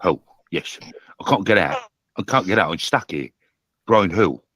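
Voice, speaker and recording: A groggy, confused man rambling down the phone, his husky voice very deep yet swinging widely up and down. He keeps repeating himself, swearing and apologizing. The sound is dry and close. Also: animated, moderate pace, fairly bright tone, no echo. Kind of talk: phone call.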